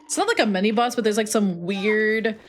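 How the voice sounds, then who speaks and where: A woman's voice: medium pitch, a little fast, a little hiss or hum. A young woman streaming a retro game, chatting casually, joking and answering chat. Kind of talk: casual live-stream chat while playing.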